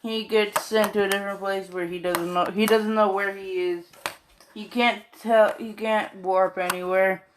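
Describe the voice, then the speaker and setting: A woman's voice: mid-range voice, fairly even intonation, normal speed, noisy background. A tired woman rambling casually in slang and swearing as she retells a fan story late at night.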